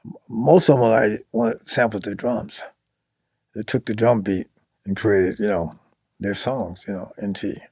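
Gravelly, husky older man. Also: on the low side, a little mellow, no echo. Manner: halting, many ums and you-knows. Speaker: musician guest. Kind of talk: casual interview talk.

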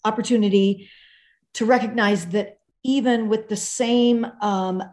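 A woman calling in over a video call, telling a personal story about her relationship in an animated way. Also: medium pitch, measured pace. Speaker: caller.

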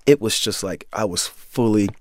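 Laid-back man with a low, dry voice. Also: moderate pace, darkish tone, dry recording. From Miami, USA. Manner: laid-back, earnest, lots of "you know" and "bruh". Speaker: film director, guest. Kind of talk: interview, personal storytelling.

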